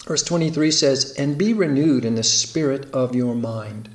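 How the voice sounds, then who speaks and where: A man preaching a sermon, emphatic, slowing to stretch key words and asking rhetorical questions. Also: medium pitch, echoey room, recorded from a distance. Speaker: pastor.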